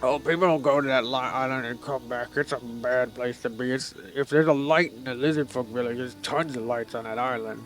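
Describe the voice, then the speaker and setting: A man doing a tipsy, boastful hill giant who rambles on in slurred, grumbling talk and never quite finishes a thought, at an everyday pitch, while soft music plays behind the table. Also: steady tone, fairly quick, few pauses, lightly acted. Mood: rambling.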